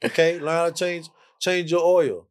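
A man's voice: fairly high pitch, moderate pace. A man guest on a casual podcast, playfully lecturing his listeners and repeating phrases for emphasis. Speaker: podcast guest, jazz musician.

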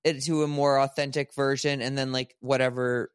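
A man's voice: medium pitch, little pitch movement, moderate pace, clear, resonant tone, no room sound, clean studio sound. A man co-hosting a podcast, joking and reacting in casual chat. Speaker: podcast co-host.

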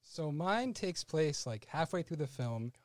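A man on a podcast casually describing a film scene, unhurried, hedging and correcting himself. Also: on the high side, very animated, dry recording, studio quality. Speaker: podcast co-host.

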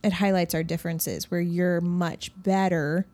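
A woman with a fairly low voice talks in a relaxed, conversational way. She is direct and frank, and adds gentle teasing now and then. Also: measured pace. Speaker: podcast co-host. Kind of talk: casual conversation.

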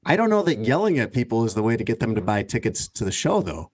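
A man's voice: medium pitch, very animated, quick pace, darkish tone. A man hosting a casual talk show, running through news items and teasing his co-hosts. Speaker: host.

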